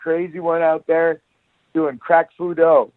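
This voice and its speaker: A man spins a rowdy, profanity-laced story in casual podcast chat, acting out every beat. His voice sits a little high. The sound is thin and tinny, like a phone line, in a dry room. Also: little pitch movement, slow pace, no room sound. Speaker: guest, jiu-jitsu academy owner.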